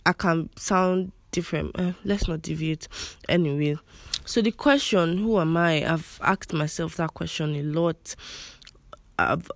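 A woman's voice: deep voice, measured pace, dry recording. A young woman with a Nigerian American accent, hosting a solo podcast in a chatty, self-deprecating, rambling way. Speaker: podcast host. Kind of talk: casual solo podcast talk.

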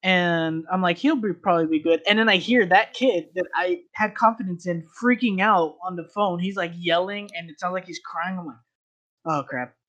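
A man's voice: high voice, moderate pace, fairly bright tone, dull audio. A man telling a long story in casual podcast chat, rambling with lots of fillers and restarts.

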